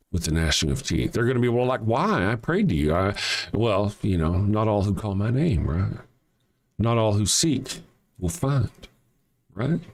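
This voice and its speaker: Man, host, solo commentary, sarcastic, profane, mocking, animated pitch.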